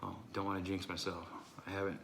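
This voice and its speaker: Deep-voiced man straining through a burn. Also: completely flat delivery, background noise. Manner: breathy, gasping, pausing to recover. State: strained voice from hot sauce burn. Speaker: hot sauce reviewer. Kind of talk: casual vlog talk to camera.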